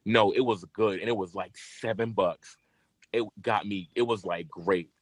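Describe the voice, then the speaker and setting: A man's voice: lowish voice, measured pace, slightly rough, no room sound. A man co-hosting a podcast, telling a long story in casual, profane chat, full of fillers and restarts.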